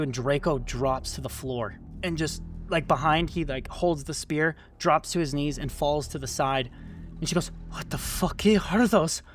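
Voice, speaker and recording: Man running a tabletop game, music behind. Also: a little high. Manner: loose narration with many fillers and restarts. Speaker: game master.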